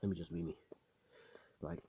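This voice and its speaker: A man voicing a cocky, rude teenage boy hero in a low, flat, dismissive mutter. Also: moderate pace, natural voice. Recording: slightly muffled recording.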